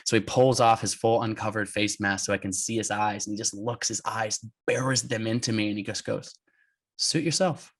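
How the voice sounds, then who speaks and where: A man in his thirties, a guest telling an adventure story in an interview, animated and laughing as he goes. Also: lowish voice, brisk, few pauses. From United States.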